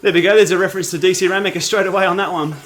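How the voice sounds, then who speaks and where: A man's voice: high-pitched, fairly even intonation, rapid-fire, fairly bright tone, slight background noise. Laid-back Australian man on a livestream. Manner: chatty, laid-back, reads and answers viewer comments. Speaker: cycling livestream host. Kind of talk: casual livestream chat while riding. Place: home training room.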